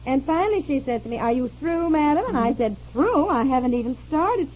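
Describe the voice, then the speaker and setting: An actress playing a chatty, easily flustered wife traveling abroad, in a 1950s radio comedy. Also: female voice, high voice, expressive, brisk, a little mellow. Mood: flustered chatter. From America. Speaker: wife on a family trip. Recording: dull old radio recording with faint hiss.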